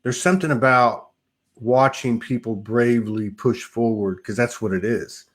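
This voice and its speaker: Male host, earnest and affirming, mid-pitched voice, casual spiritual talk. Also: normal speed. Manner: earnest, affirming, frequent agreement.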